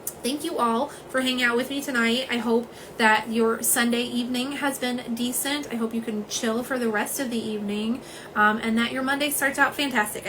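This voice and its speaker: A woman, chatting casually and warmly through a nail polish livestream at home, with lots of "um"s. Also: on the high side, slight background noise, low-quality recording. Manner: chatty, many "um"s, says "y'all".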